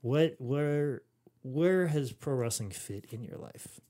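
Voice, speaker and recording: Loud joking man hosting a podcast. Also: medium pitch, lively intonation, slow pace. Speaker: podcast host. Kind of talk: casual podcast chat. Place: home studio.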